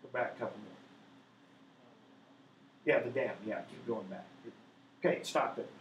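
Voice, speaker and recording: A man with a medium-pitched voice and moderate pace teaches a math class, patiently walking through each step and repeatedly checking in with students by asking "right?" The lecture sounds muffled, in an echoey classroom with faint background noise.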